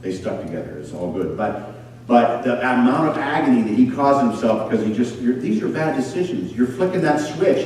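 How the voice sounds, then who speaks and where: Animated preacher man in an echoey hall. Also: a little high, far from the mic, a little hiss or hum. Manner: animated storyteller, acts out voices. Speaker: pastor. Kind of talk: sermon. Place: school church hall. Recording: echoey hall picked up from afar.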